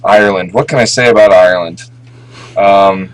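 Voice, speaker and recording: A man with an American accent hosts a livestream, trading crude, sarcastic jokes. His voice sits on the low side for a man. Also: moderate pace, dry recording, low-quality recording. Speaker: livestream host. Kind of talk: crude comic banter.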